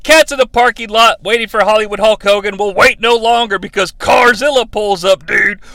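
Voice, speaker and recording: A man hosting a podcast, giving a jokey, animated comedic recap of a wrestling broadcast. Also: high-pitched, moderate pace, hardly any pauses, no echo. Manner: animated, jokey, laughs at his own asides. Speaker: podcast host.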